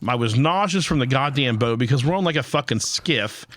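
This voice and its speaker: Lively profane man telling stories. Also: mid-range voice, brisk, no room sound. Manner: profane, rambling storyteller. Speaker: podcast host. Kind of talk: casual chat.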